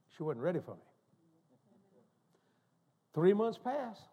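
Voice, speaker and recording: An older man preaching a sermon, telling folksy, humorous family stories in an animated way. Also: high-pitched, slow pace, pauses often, breathy edge, dull audio. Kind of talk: storytelling sermon. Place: church.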